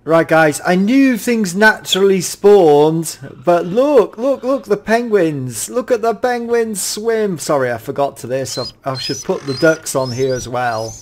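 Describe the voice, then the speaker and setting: A British man giving casual, excitable gameplay commentary as a YouTube reviewer, often gasping and exclaiming in wonder. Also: high voice, unhurried, hardly any pauses. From United Kingdom.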